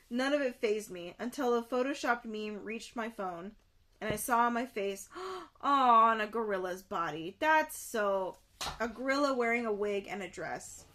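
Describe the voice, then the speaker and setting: A young woman streaming herself reading a book aloud and reacting, animated and quick to exclaim and repeat herself. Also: on the high side.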